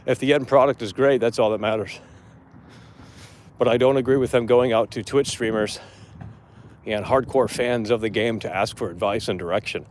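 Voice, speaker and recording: A man's voice: mid-range voice, normal speed, long pauses, slight background noise. A man hosting a live gaming show outdoors, talking bluntly and profanely in a casual rant.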